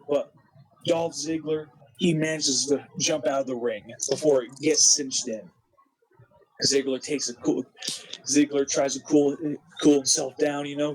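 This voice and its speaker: A man narrating a wrestling simulation game with an excited play-by-play recap, animated and full of restarts. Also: fairly high pitch, a little hiss or hum, low-quality recording. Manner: animated, quick, with frequent restarts.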